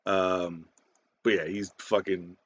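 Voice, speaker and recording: A man's voice: deep voice, flat delivery, slow pace, lo-fi sound. A man giving a casual spoken movie review, rambling with many fillers, restarts and casual swearing.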